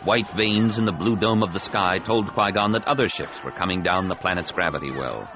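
A man narrating a science fiction novel in an expressive, dramatic reading. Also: deep voice, brisk, music in the background. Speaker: audiobook narrator. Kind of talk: scripted narration. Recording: slightly dull, dry studio recording.

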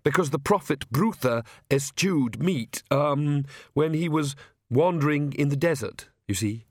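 A man's voice: a little high, expressive, a little slow, dry recording, clean studio sound, voice pushed up. A man voicing a nervous young male priest who stammers and apologizes. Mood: flustered.

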